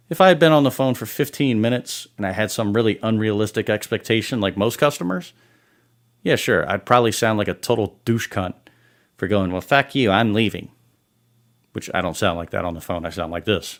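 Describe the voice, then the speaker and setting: A man hosting a comedic rant show, exasperated and sarcastic, swearing heavily. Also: lowish voice. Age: adult. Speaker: podcast host.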